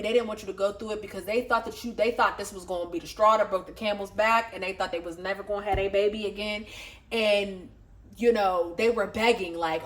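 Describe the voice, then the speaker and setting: Excitable woman doing a tarot reading. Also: medium pitch. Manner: excitable, profane, talks straight to viewers; swears freely, laughs often. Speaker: tarot reader.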